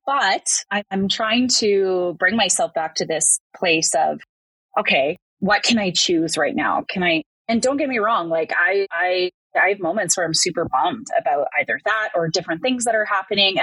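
A woman's voice: lowish voice, fairly bright tone, husky, no room sound, low-quality recording. A woman hosting a podcast interview, talking in a thoughtful, rambling way with many restarts and fillers. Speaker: podcast host. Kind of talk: reflective conversational interview.

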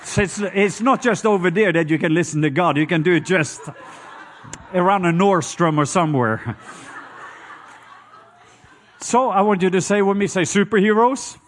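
Man, Norwegian accent, middle-aged, fairly high voice, lively sermon storytelling, call-and-response with the crowd, acts out sounds. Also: normal speed, long pauses, slight background noise. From Norway. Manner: acts out sounds with loud hoots and croaks. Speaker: preacher.

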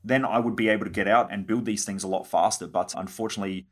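Man, podcast host, husky voice, rapid delivery, blunt and profane. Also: lowish voice, fairly even intonation. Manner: blunt, swears freely, acts out quoted conversations. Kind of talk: solo podcast monologue.

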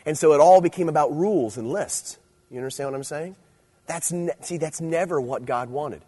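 Husky animated preacher man. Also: a little high, normal speed. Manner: animated, swinging between loud emphasis and quiet asides. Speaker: youth speaker. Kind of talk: sermon.

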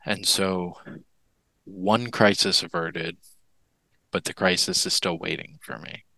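Low gravelly man telling his story. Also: steady tone, pushed and bright, no echo, rough recording. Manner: earnest and candid, with halting restarts. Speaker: interview guest. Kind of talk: personal storytelling in a podcast interview.

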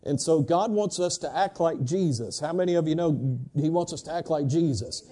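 A man's voice: fairly high pitch, normal speed, warm tone. A man preaching a sermon to his congregation in a conversational way, prompting the listeners to answer back and turn to their neighbours. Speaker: pastor.

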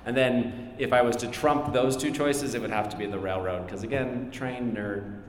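A middle-aged man speaks at an ordinary pitch, chatting loosely and joking at his own expense. He answers questions at a live convention panel. His voice rings through an echoey hall with a long tail, over faint crowd ambience. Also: moderate pace, a little hiss or hum. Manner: chatty, self-deprecating, laughs often. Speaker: voice actor, panel guest.

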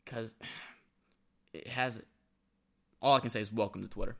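In an indoor room with a laptop, a young man co-hosts a laid-back comedic chat, cracking jokes and voicing text messages as quotes. His lowish voice is a little slow, with long pauses.

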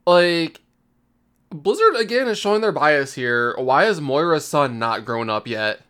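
A man's voice: fairly high pitch, lively intonation, a little slow, bright, forceful tone, clear, resonant tone. Male co-host, wry moderator, clean resonant tone. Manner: wry, teasing, steers the discussion. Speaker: podcast co-host. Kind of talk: casual gaming podcast chat.

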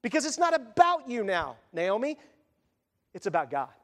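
A man's voice: extremely high pitch, huge pitch swings, moderate pace, a bit bright, heavily acted. A man preaching a sermon, speaking as a devoted young widow who makes earnest, resolute vows.

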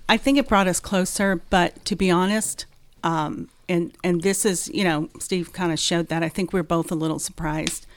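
A woman's voice: on the low side, steady tone, moderate pace. A woman speaking thoughtfully as a guest in an interview. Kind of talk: reflective conversation.

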